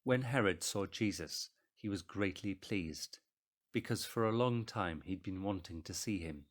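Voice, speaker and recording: A man reading a Bible passage aloud in church, measured and steady, raising his voice for the crowd's shouts. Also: low-pitched. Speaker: scripture reader.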